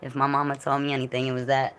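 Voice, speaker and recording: A woman with a raspy voice that is still recovering, chatting casually and rambling between jokes and bits of song. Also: very deep voice, completely flat delivery, very fast, fairly bright tone, slight background noise. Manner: rambling, joking, breaks into song. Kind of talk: casual vlog with singing.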